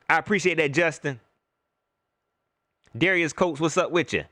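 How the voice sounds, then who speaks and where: A man's voice: a little high, sing-song, measured pace, pauses often, a bit bright, no echo, clean studio sound. A middle-aged man hosting a livestream, ranting animatedly about sports and greeting viewers in the chat by name. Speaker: host. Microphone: laptop mic.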